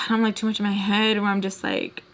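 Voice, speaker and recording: A woman's voice: mid-range voice, flat delivery, normal speed. Rambling, emotional young woman vlogger. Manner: rambling, emotional, talks straight to viewers. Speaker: storytime vlogger. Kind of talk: casual storytime venting while doing makeup.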